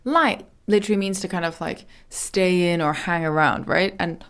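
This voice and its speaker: A woman hosting a language lesson podcast, explaining phrases in a chatty way and saying model words slowly and carefully. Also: lowish voice, fairly bright tone. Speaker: Mandarin teacher.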